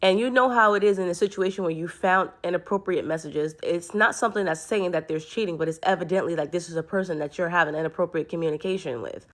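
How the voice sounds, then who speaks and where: A woman's voice: fairly low pitch, fast talker, few pauses. A woman telling a personal story to camera in an earnest, rambling way, often restarting her sentences. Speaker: vlogger.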